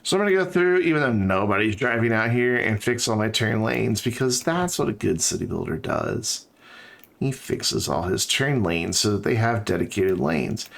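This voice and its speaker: Gravelly-voiced man chatting while gaming. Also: lowish voice, expressive, moderate pace, a bit bright. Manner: chatty, thinking aloud while building. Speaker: streamer. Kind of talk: casual let's-play commentary.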